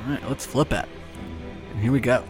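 A man's voice: mid-range voice, a little fast, music in the background. A man hosting a casual script read, chatty and profane with loose restarts. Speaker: script reading host. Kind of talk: casual chat and script narration.

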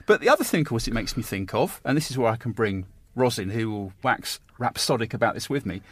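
A man's voice: mid-range voice, expressive, fast talker, few pauses, husky, dry recording. A man hosting a casual discussion, talking in an enthusiastic, digressive way.

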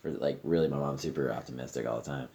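Very deep, gravelly man talking casually. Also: fast, dark tone. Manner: candid, swears freely, trails off with fillers. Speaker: podcast host. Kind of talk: casual conversation. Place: friend's living room.

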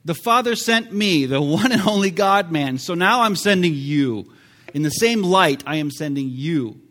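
A middle-aged male pastor delivers a sermon in a loose, conversational way, with fillers like "uh" and "you know." His voice sits a little high for a man, and he leans hard into key phrases with sudden bursts of emphasis. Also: lively intonation, normal speed, a bit bright.

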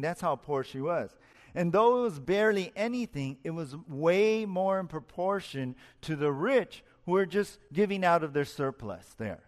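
A male pastor delivers an earnest sermon, swelling his voice for emphasis and dropping it low at the close of key phrases. His voice sits slightly higher than most men's. The sound trails into a long reverb, as in a large hall. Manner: earnest, rises and falls for emphasis, asks listeners questions.

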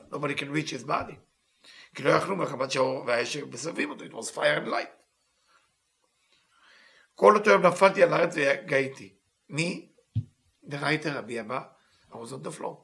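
Guy teaching live, reads a line then translates it in broken english, quick and bright, kinda high voice. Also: gravelly. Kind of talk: live text lesson, reading and translating.

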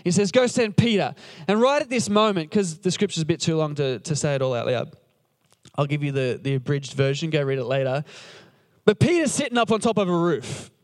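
High-voiced preacher, casual and jokey. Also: male voice, lively intonation, a little fast. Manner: conversational, jokey, acts out the characters' lines. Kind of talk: casual sermon retelling scripture.

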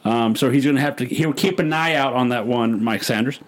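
A man's voice: medium pitch, a little fast. A man hosting a casual podcast, joking around and rambling through a recap with lots of fillers. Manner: jokey, rambling, many fillers. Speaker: podcast host. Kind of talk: casual chat recapping wrestling.

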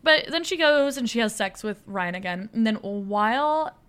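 A woman's voice: a little high, animated, moderate pace, fairly bright tone, clean tone. A woman co-hosting a casual movie recap, retelling scenes animatedly and swearing freely. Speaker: podcast co-host.

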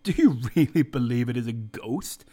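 A man's voice: mid-range voice, big pitch swings, moderate pace. A man voicing a shaken male ship passenger who speaks in a raised, urgent way.

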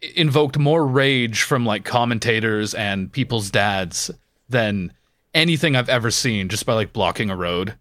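A man's voice: fairly low pitch, lively intonation, unhurried, a bit bright, no room sound, studio quality. A man with an Essex English accent in casual podcast chat, talking in a sardonic, sweary way. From Essex, England.

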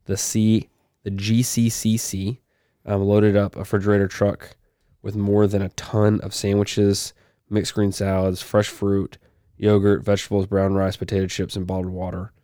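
A man's voice: on the low side, completely flat delivery, moderate pace, mellow, no room sound, clean studio sound. A young man co-hosting a podcast, reading news stories aloud with casual asides and fillers. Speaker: podcast co-host.

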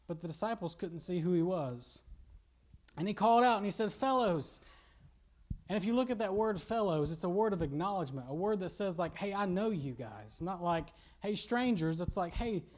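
Young kentucky man, high voice, relaxed joking preacher. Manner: casual, joking preaching with laughs and asides. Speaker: pastor. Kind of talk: sermon.

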